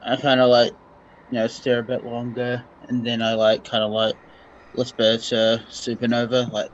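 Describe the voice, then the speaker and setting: A man of middle pitch chats casually as a player in a tabletop game. He hesitates and thinks out loud as he decides what his character does, with faint noise in the background. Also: monotone, moderate pace, dull audio.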